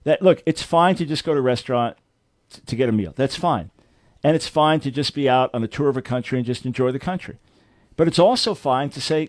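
A man's voice: mid-range voice, expressive, a little fast, dry recording. A man hosting a Christian radio talk show, speaking in an earnest, preacherly way and often repeating words as he begins a thought.

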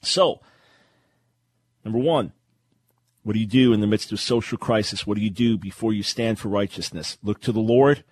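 Emphatic preacher-host with a dry studio sound. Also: male voice, on the low side, normal speed, pauses often, darkish tone, breathy edge, no echo. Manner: emphatic, preacherly, repeats key phrases. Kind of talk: radio Bible teaching.

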